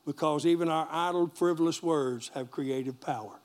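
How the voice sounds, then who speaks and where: A man's voice: on the high side, moderate pace. A man pastor, preaching a sermon in a folksy call-and-response manner and joking with the congregation.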